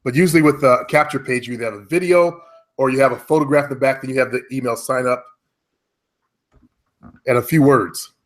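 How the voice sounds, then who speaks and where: A man of ordinary pitch talks at an easy, unhurried pace on a call from home. He coaches a client in online marketing in a loose, rambling way. He stops and corrects himself often. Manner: relaxed, rambling, self-correcting.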